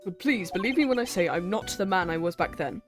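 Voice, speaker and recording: A rigid, formal young prosecutor, read by a woman streamer, choosing each word in a measured, dry tone. Quiet game music plays faintly behind the voice. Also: mid-range voice, animated, natural voice. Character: stiff, formal male prosecutor, young adult.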